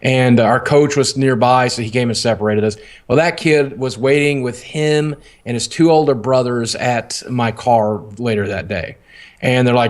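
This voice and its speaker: A man's voice: mid-range voice, fairly even intonation, moderate pace. A man, a podcast co-host telling a long candid story in casual, rambling, profane talk.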